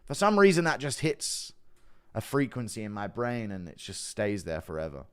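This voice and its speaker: A man's voice: lowish voice, wildly swooping pitch, normal speed, a bit bright, smooth. A young man chatting casually on a livestream, offhand and swearing, jumping between topics. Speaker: streamer reacting to chat.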